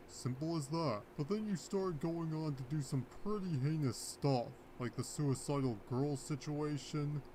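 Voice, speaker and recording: A man's voice: medium pitch, warm tone. Guy doing a commentary voiceover, medium voice, sarcastic and pointed, bit of hiss. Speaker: video commentator. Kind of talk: scripted commentary voice-over.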